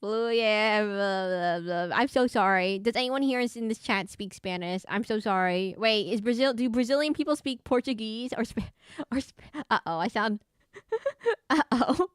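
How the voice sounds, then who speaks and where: A woman with a fairly high, lively voice streams a horror game at a moderate pace, with no room sound. Giggly and chatty, she laughs a lot and reads the game's dialogue aloud to her chat in casual let's play commentary.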